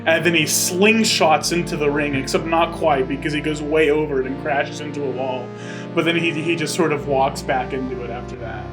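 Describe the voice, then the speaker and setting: A man tells his move in a tabletop role-playing game. He paints vivid scenes as he narrates. His voice sits on the high side. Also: steady tone, moderate pace, over music. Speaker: player.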